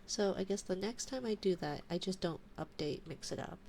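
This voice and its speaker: A woman's voice: medium pitch, expressive, normal speed, creaky. A woman streamer chatting casually to her audience, muttering and grumbling while fixing her stream settings. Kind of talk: casual live-stream chat. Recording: loud background noise with keyboard clicks.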